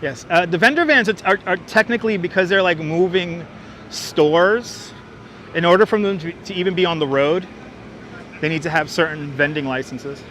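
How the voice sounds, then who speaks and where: A chatty man hosting a walking livestream on a city street, with a high, bright voice. He jokes along as he reads comments aloud. A clip-on mic catches him, with faint traffic noise behind. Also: normal speed. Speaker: livestream host. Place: outdoors on a city waterfront street. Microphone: wireless clip-on mic.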